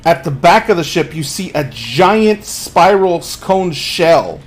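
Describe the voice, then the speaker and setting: Game master, male, narrates scenes, a touch high in pitch. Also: big pitch swings, takes it slowly, a little hiss or hum. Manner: descriptive narration with frequent restarts.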